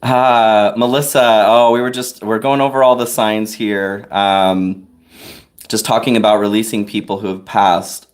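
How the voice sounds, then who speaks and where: A man giving a live-streamed tarot reading, chatty and soft-spoken, talking straight to his viewers and getting choked up at times. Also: fairly low pitch, little pitch movement, a little slow. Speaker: tarot reader. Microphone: on-camera livestream mic.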